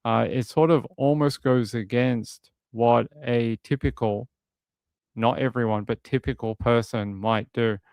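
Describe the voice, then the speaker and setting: A man talks through a case in casual livestream commentary, rambling a little and reading out viewers' comments. His voice is smooth and clear. It is recorded close and dry, with no room sound. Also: medium pitch, fairly even intonation, unhurried, a little mellow, no echo. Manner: conversational, rambling, reads out chat comments. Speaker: true crime streamer.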